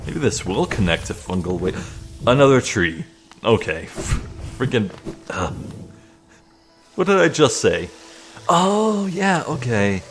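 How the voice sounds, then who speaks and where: A young man chats his way through a video game, thinking aloud and joking at his own slips. He talks at an easy, unhurried pace, his pitch in the ordinary middle range. Soft game music sits faintly under him. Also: sing-song. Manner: chatty, self-deprecating, thinks aloud. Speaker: let's play host. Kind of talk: casual gameplay commentary.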